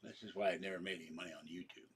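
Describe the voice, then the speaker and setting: A man's voice: deep voice, steady tone, very fast, fairly bright tone, husky. A man rambling on a home livestream, wandering between complaints and asides with frequent restarts. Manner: meandering, complaining, with many restarts and laughs. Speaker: YouTuber livestreaming. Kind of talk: rambling casual live chat. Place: home apartment.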